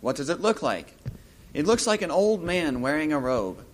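A man giving an informal Bible talk, musing aloud as he retells a scripture story and growing lively when he acts out the scenes. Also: a little high, moderate pace.

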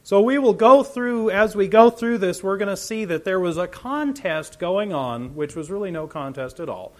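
High-voiced animated male preacher. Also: moderate pace. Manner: animated, rhetorical questions, swings from loud emphasis to quiet asides. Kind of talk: sermon.

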